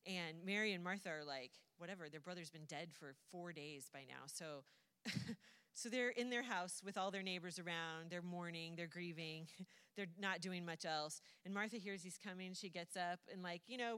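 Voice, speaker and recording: A woman's voice: lowish voice, a bit bright, smooth. Chatty woman preacher in a reverberant hall. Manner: chatty, laughs often, acts out voices lightly. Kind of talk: casual retelling of a Bible story.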